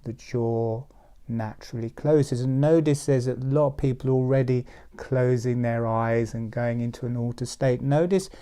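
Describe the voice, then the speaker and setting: A man leading a guided breathing meditation, giving calm step-by-step instructions. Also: medium pitch, smooth. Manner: slow, soothing step-by-step instructions. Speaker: meditation teacher.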